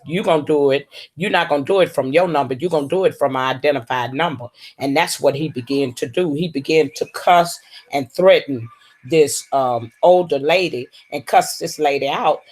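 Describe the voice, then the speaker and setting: A woman's voice: sits low, a little mellow, slightly rough. A woman hosting a casual livestream, drawling and calling viewers baby and honey. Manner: slow, drawling, full of terms of endearment. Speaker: livestream host.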